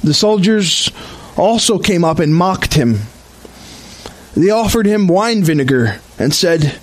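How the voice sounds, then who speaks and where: A male pastor leading an outdoor worship service, reading scripture in a slow, measured, solemn way. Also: sits high, lively intonation, low-quality recording.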